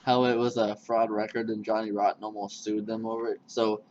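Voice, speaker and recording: A man with a fairly low-pitched voice interviews a musician in a casual chat, talking briskly. He's an animated storyteller who acts out what people said. The recording is muffled and lo-fi with faint noise.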